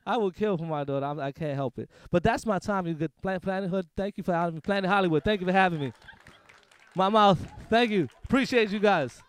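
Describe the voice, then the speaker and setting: A man's voice: sits high, quick pace, clean tone, dry recording. A young adult man doing a loose, rambling stand-up comedy set on a small stage. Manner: loose, rambling, jokey delivery.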